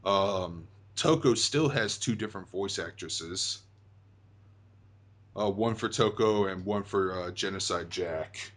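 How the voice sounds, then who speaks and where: A young man hosts a casual talk about a video game, speaking in a fairly low voice. He rambles, trailing off into fillers and restarting his sentences often. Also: takes it slowly, fairly bright tone. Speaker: host.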